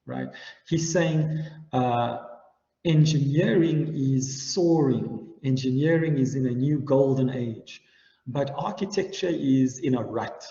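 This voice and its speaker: Gravelly-voiced man lecturing in an echoey hall. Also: mid-range voice, slow, dark tone. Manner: explanatory, often checks in with "right?". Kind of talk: university lecture. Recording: echoey hall, dull lo-fi sound.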